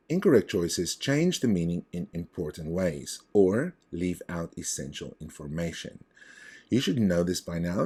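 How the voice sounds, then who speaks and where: A man working through reading test questions aloud as a tutor, thinking out loud and correcting himself as he goes. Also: deep voice, husky.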